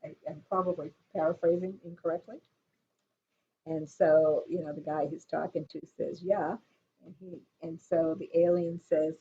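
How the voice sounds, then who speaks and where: A woman teaching a dot painting class who talks in a relaxed, rambling, reflective way with many fillers. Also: low-pitched, a little slow, gravelly. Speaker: art instructor. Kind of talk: relaxed painting tutorial talk. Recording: dull lo-fi sound with faint noise.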